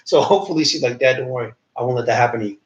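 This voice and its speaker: A man in his thirties telling a story in casual podcast chat, acting out the quoted voices as he goes. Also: very fast. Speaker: podcast co-host. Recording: roomy, dull low-fi sound.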